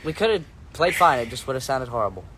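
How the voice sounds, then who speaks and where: A man's voice: mid-range voice, sing-song, fast talker, a bit bright, a little hiss or hum. Rambling man chatting on a livestream. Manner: rambling, self-correcting, playful. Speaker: musician hosting a livestream. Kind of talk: casual livestream chat, reading out viewer comments.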